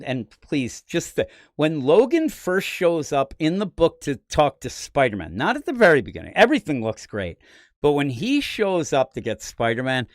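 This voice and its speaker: A man hosting a podcast, talking casually about comics in an animated, rambling way with frequent laughs. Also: mid-range voice, dry recording, studio quality. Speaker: podcast host. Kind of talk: casual comic book chat.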